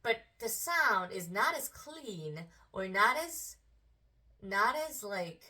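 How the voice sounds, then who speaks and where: A female vocal coach giving a singing lesson, explaining slowly in casual speech and breaking into sung phrases to demonstrate. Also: medium pitch, very animated, pushed and bright, far from the mic. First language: Korean.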